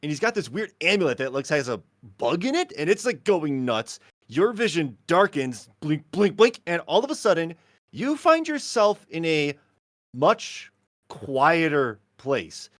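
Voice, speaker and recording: A man narrates a tabletop game as game master in a fairly high, very animated voice. He talks casually, fills with "like" and laughs often. His voice sounds dry and close. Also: a little slow, no room sound.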